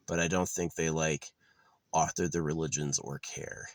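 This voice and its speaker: A man's voice: extremely low pitch, fairly even intonation, normal speed, no room sound. A man in an outdoor vlog delivering an angry, profane, sarcastic rant full of contempt. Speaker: vlogger. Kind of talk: angry ranting monologue.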